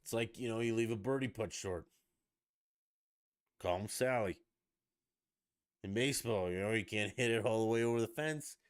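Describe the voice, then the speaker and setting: A man's voice: fairly low pitch, moderate pace, pauses often, smooth, no room sound, studio quality. Blunt, profane ranting man. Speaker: podcast host. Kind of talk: casual ranting commentary.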